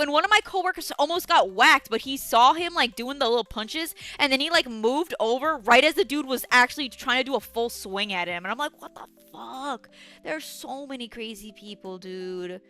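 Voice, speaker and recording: Young woman streamer, high bright voice, lively and profane, dry close mic with faint music behind. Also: no room sound. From New York City. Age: young adult. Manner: swears constantly, rants with outrage. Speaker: streamer reading chat. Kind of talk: casual livestream chat.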